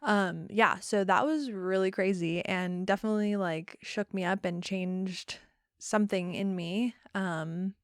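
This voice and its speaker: A young woman in her twenties telling a personal story in a casual interview, soft-spoken with many pauses and ums. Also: mid-range voice, smooth, no room sound, clean studio sound. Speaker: podcast guest.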